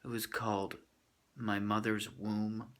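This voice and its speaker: A man's voice: lowish voice, little pitch movement, slow pace, fairly bright tone. A man venting in a comedic vlog, mock-serious and dramatic with inflated vocabulary. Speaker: vlogger.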